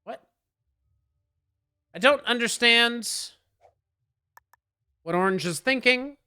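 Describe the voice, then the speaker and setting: Chatty streamer with a bright, crisp voice. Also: male voice, very high-pitched, slow, dry recording. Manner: chatty, joking, answers chat, gets loud when frustrated. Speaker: game streamer. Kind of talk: casual strategy commentary.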